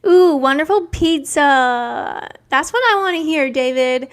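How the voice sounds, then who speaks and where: A young woman hosting a casual live stream, reading out viewers' names and talking gently and affirmingly about dreams. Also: sits high, no echo. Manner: slow, gentle, spiritual and affirming.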